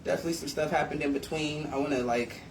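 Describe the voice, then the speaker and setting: A woman hosting a live stream, telling stories in a blunt, profane, animated way. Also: deep voice, fast talker, slight background noise. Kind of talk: casual live-stream storytelling. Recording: echoey room, distant from mic.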